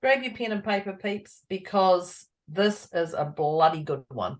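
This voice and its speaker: Australian woman, podcast co-host, husky and hoarse-sounding, playful, chatty and quick to laugh. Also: lowish voice, lively intonation. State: husky, throat going hoarse. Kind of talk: casual chat.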